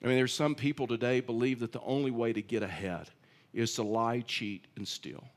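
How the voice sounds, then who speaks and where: A man's voice: mid-range voice, fairly even intonation, moderate pace. A male pastor preaching a sermon in a conversational, storytelling way with self-deprecating humor. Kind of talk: sermon with personal stories.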